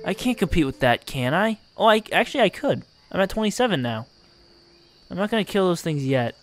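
A man giving excitable, exasperated gameplay commentary and laughing often as he plays. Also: sits high, brisk. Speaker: let's play host.

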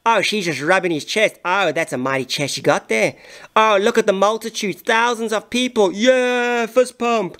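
Guy doing a goofy voiceover, smooth clean voice, super excitable. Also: high-pitched, normal speed. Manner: playful, excitable, running commentary. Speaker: voice-over narrator. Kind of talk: comic voice-over commentary.

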